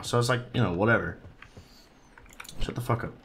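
A man's voice: mid-range voice, brisk, background noise. A man giving casual, profane let's-play commentary and teasing the baby in the game. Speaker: gaming channel host.

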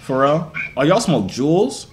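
A man's voice: a little high, big pitch swings, a little slow, very noisy. A man hosting a video chat prank, joking and playfully provoking strangers. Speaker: host of prank video chats. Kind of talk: casual teasing video chat. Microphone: phone or laptop on video chat app.

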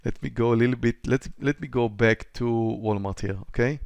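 A man's voice: medium pitch, normal speed, vocal fry, a little mellow, clean tone, dry recording. A man teaching a live trading webinar, who talks straight to his students, repeats phrases, and acts out a trader's racing thoughts. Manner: repeats phrases, direct to the audience. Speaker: trading instructor.

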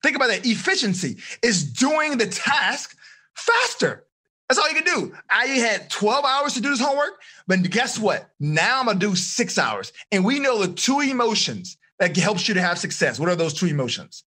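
A man coaching teenagers on a video call, energetic and encouraging, quizzing his listeners as he teaches. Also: high voice, moderate pace, slightly rough. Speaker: life coach. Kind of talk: live online seminar for teens.

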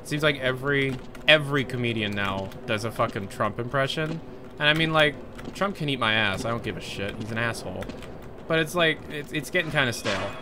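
A man's voice: medium pitch, noisy background. A man streaming a game, chatting casually, rambling and swearing as he plays, with a desk mic. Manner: rambling, profane, joking. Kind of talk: casual live gameplay commentary.

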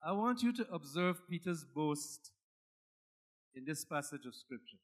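A male pastor preaching a sermon with emphatic delivery, moving from hushed asides to loud, shouted climaxes. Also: a little high, lively intonation, a little slow.

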